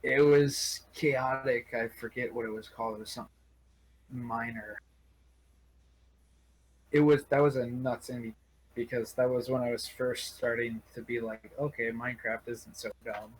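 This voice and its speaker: A man's voice: medium pitch, fairly even intonation, moderate pace, pauses often, breathy edge, poor audio. A man from Wisconsin, a guest on a stream, telling jokes and rambling stories. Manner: joking, rambling storyteller. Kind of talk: casual interview chat.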